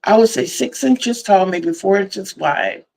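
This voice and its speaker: An older woman hosts her crochet livestream, talking at an unhurried, leisurely pace. She is chatty and effusive, and she often repeats a word two or three times for emphasis. Her voice sits at an ordinary middle pitch. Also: animated, vocal fry, a little mellow, low-quality recording. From Virginia, USA. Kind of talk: casual livestream chat.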